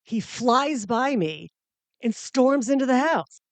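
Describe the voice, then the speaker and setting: A woman's voice: high-pitched, expressive, takes it slowly, no echo. A woman hosting a comedy podcast, telling a story in a wry, self-mocking monologue full of exaggeration for laughs.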